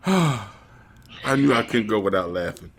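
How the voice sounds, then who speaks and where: An American man co-hosting a casual podcast. He talks in an easygoing, lively way with lots of pitch movement, at times pausing to find the right word. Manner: easygoing, searching for words. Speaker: podcast co-host.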